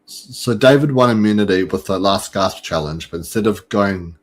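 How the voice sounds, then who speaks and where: A man with a lowish voice hosts a relaxed fan podcast. He talks in a chatty, loose way, full of fillers and restarts. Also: moderate pace. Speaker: podcast host. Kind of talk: casual fan chat.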